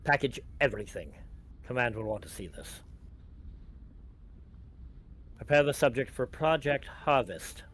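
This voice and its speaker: A man doing a thin officer, cold, precise, unhurried, role-play figure. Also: mid-range voice, expressive, a bit bright, slight background noise, natural voice. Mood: commanding. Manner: cold and clipped. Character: thin male Imperial officer, calm, precise, unimpressed.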